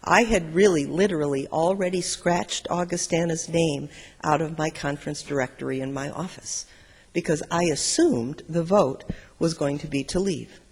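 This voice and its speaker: A middle-aged pastor preaching a sermon, telling stories and swinging between loud and soft. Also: male voice, on the high side, normal speed, slightly rough. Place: large church sanctuary. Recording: long church reverb.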